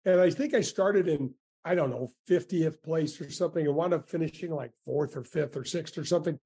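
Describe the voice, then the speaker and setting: A man in his sixties, a former tour golfer, telling stories in a casual interview with lively warmth and frequent restarts. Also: on the high side, a little fast, slightly rough. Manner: animated, grateful storyteller with many restarts.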